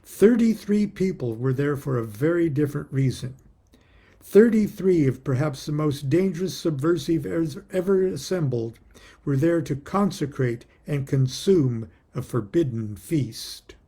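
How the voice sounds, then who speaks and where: Wry male author reading aloud; husky, mellow, slow-paced, chuckles between lines. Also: on the high side, lively intonation. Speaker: author reading his own book. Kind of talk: reading aloud with personal asides.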